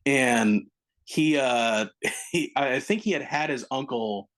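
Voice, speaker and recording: A man's voice: medium pitch, takes it slowly, fairly bright tone. Rambling, enthusiastic man on a podcast. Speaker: podcast co-host. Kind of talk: casual film podcast chat.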